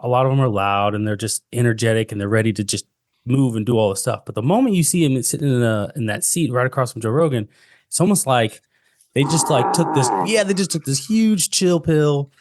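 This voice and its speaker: A man's voice: medium pitch, a little fast, no echo, studio quality. A man who is a podcast guest, talking casually and thoughtfully, often restarting his sentences. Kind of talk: casual chat. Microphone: podcast microphone.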